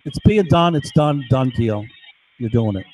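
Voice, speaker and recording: A man's voice: medium pitch, animated, measured pace, darkish tone, rough recording. A man talking in an agitated, rambling monologue while recording himself at his computer, again and again asking his listener "right?". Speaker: video blogger.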